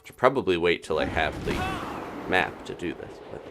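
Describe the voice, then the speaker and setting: A man casually commentating his own gameplay on a live stream, chatting and thinking aloud with quick little laughs. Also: low voice, sing-song, background noise. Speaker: gaming streamer.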